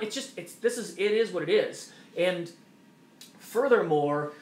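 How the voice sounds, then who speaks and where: A man's voice: high-pitched, expressive, normal speed. A man hosting an opinion monologue, talking emphatically and repeating his points. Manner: emphatic, repetitive, mocking quoted voices. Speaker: host. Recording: echoey room.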